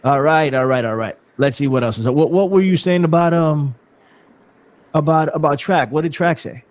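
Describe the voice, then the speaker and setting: A man hosting a wrestling podcast, stumbling over his words and repeating himself as he chats. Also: on the high side. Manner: halting, repeats words, laughs easily. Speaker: podcast host. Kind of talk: casual chat.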